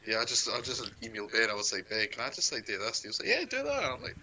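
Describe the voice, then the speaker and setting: A young Scottish man rambles through casual stories with friends in a fairly low voice. His mic carries clear background noise and clicks. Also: steady tone, rapid-fire, bright, forceful tone, rough recording. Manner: rambling, laughing storyteller. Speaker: tabletop game player. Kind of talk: casual chat.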